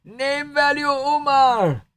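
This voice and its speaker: Man doing a loud fighter impression, bellowing slogans slowly, high and hyped. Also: full character voice. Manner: loud, drawn-out shouting.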